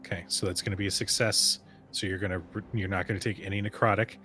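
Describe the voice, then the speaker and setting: A man narrating as game master of a tabletop game, in a relaxed, measured way with fillers. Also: low-pitched, a little hiss or hum.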